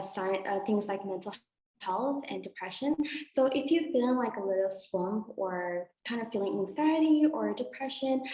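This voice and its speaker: A woman's voice: mid-range voice, a little mellow, roomy sound, low-quality recording. A young woman student presenter, hesitant and full of fillers as she explains a health point. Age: young adult. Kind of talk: casual presentation.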